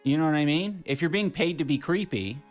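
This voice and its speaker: Man, fairly high and animated voice, indignant profane podcast rant, faint music behind. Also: brisk.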